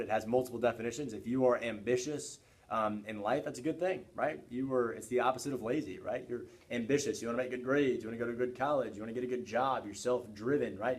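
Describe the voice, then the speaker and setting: Man, history teacher, casual classroom lecture, conversational, middle pitch. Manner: conversational, keeps asking "right?".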